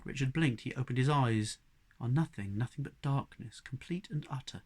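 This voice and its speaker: Man, audiobook reader, measured, expressive storytelling, middling pitch. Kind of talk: audiobook narration.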